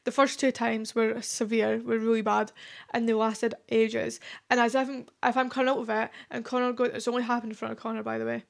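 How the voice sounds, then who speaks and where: A woman's voice: fairly high pitch, little pitch movement, brisk, vocal fry. A young woman in her twenties hosting a solo podcast, talking in a chatty, confessional way with lots of fillers. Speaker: podcast host. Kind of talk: casual solo podcast chat.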